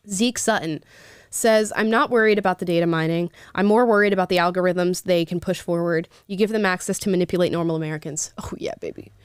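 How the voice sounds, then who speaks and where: A woman's voice: on the low side, no room sound, studio quality. A woman hosting a casual livestream, reading viewer comments aloud with sarcastic asides and frequent laughter. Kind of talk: casual live chat.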